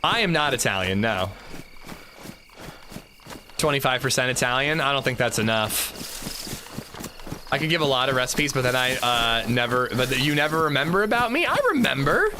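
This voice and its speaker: A man streaming a game, chatting in a relaxed way and answering his chat. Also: medium pitch, normal speed, pauses often, noisy background. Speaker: gaming streamer. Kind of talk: casual livestream chat. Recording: game ambience loud behind voice.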